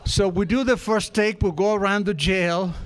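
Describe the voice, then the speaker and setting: A man's voice: high voice, steady tone, normal speed, fairly bright tone. A man speaking at a recovery gathering, telling a comic, self-mocking story with gestures and sound effects. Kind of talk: comic storytelling talk to an audience.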